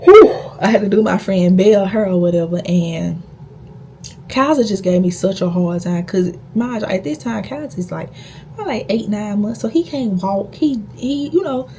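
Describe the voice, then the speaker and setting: A woman's voice: mid-range voice, moderate pace, mellow, a little hiss or hum. A young woman vlogger telling a personal story in a blunt, profane, emphatic way. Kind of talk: casual storytime.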